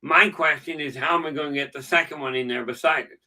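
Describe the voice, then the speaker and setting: Man, middle-aged, stream host, casual chat, dry humor, bright tone, distant mic. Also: fairly high pitch, quick pace. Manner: chatty storyteller with dry jokes. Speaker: channel host. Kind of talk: casual live-stream talk.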